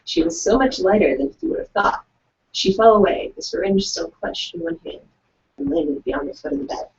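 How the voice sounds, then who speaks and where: An upbeat young woman co-hosts a writing livestream and reads out short excerpts, laughing easily. Her voice has a gravelly fry. The room is echoey and the sound dull and lo-fi. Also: mid-range voice, big pitch swings, moderate pace, a little mellow, a little hiss or hum. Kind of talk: casual chat, reading out submissions.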